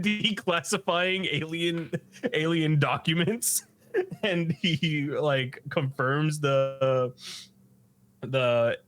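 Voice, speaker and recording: A man's voice: medium pitch, a bit bright. A man hosting a podcast, recapping an episode in a loose, profane way and laughing often. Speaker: podcast host.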